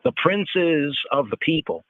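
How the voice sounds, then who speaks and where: A man hosting a call-in podcast, teaching scripture verse by verse. He speaks deliberately, repeats words and glosses, and sometimes half-chants the verses. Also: on the high side, dry recording. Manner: deliberate, repeats each word and gloss several times; half-chants verses in a sing-song intonation. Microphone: phone line. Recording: tinny dry phone line.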